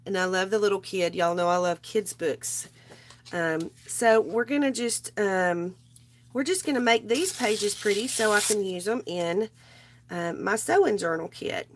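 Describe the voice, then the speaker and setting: A woman's voice: mid-range voice, unhurried, slight background noise. Sick woman chatting on a craft livestream. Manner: rambling, greets viewers by name. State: sick, voice strained. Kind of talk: casual live chat while crafting.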